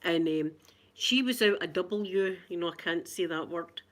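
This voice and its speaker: A woman's voice: lowish voice, measured pace. An older Scottish woman, a grandmother, chatting casually on a livestream and greeting viewers by name. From Scotland. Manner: chatty, warm greetings to viewers, frequent laughter. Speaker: livestream host. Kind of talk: casual live chat with viewers.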